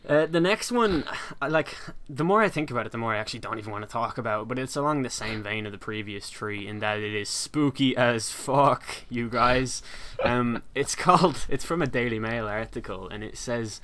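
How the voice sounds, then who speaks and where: A man's voice: mid-range voice, normal speed, hardly any pauses, a bit bright, a little hiss or hum. A young man co-hosting a casual podcast, speaking with dry sarcastic irony. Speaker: podcast co-host. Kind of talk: casual chat.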